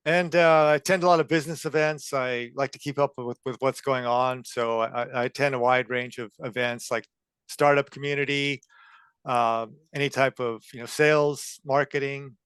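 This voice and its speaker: A man in his fifties from California, a copywriter answering interview questions in a measured way. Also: mid-range voice, steady tone, fairly bright tone, clear, resonant tone, no echo. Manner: measured, with frequent uh fillers. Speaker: guest, copywriter.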